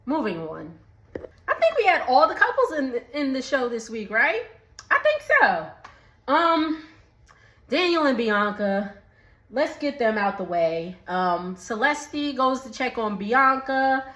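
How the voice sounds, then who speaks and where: A woman's voice: sits high, very animated, slow, fairly bright tone, roomy sound. A woman giving a chatty recap of a reality show, laughing often and mimicking the people she quotes. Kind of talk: casual recap vlog.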